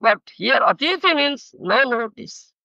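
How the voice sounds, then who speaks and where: A man's voice: very high voice, sing-song, measured pace, gravelly, sharp tone, no echo. An older man with an Odia accent giving a sermon, often checking that his listeners understand and explaining words. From Odisha, India. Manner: keeps checking "you understand?"; explains terms. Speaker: spiritual teacher. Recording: dull lo-fi archive recording.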